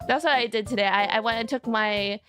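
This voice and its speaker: A woman's voice: a little high, fairly quick, fairly bright tone, soft background music. A young woman streamer chatting casually with her viewers, rambling and giggly with lots of fillers.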